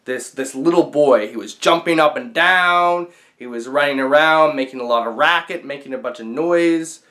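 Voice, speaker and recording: A man's voice: a little high, normal speed, bright, forceful tone. A man vlogging, telling a story in a casual, conversational way with fillers and restarts.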